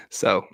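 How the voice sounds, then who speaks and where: A man from Plymouth with a broad Janner accent, rambling and joking in casual livestream chat. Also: fairly bright tone. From Plymouth, England. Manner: rambling, jokey, self-mocking. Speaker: livestream host.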